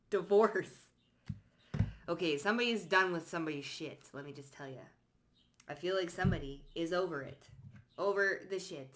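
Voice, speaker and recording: This is a woman hosting a casual psychic card reading, with a bright, forward voice. She talks in loose slang and swears freely. She keeps breaking into short acted-out quotes in a higher voice before dropping back to her own. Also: a little hiss or hum. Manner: slangy, blunt and profane, with quick laughs. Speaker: psychic tarot reader.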